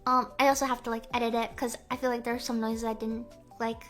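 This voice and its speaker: Soft music plays behind a young VTuber whose voice sits on the high side, flat and quick. Chatting casually on stream, she stammers, repeats phrases and rambles with plenty of Valley-girl fillers.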